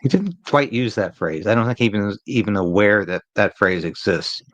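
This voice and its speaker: A man's voice: fairly low pitch, expressive, fairly quick, dry recording, dull audio. A man hosting a live political commentary stream, talking in an emphatic, opinionated way and repeating phrases to drive a point home.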